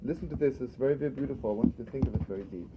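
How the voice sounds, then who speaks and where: A rabbi giving an informal spoken lesson, talking conversationally and repeating himself for emphasis. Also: male voice, mid-range voice, rapid-fire. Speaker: rabbi teaching a class. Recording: dull lo-fi archival recording with faint background noise.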